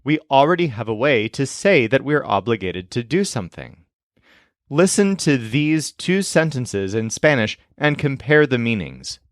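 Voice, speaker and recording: Slow, lively-voiced male language teacher. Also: medium pitch, dry recording, studio quality. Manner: slow, clear explanatory delivery. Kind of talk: scripted lesson narration.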